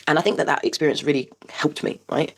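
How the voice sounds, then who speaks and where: Woman, forties, vlog host, rapid-fire chat, blunt and sweary storytelling. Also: low-pitched. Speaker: vlogger host. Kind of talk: casual monologue vlog.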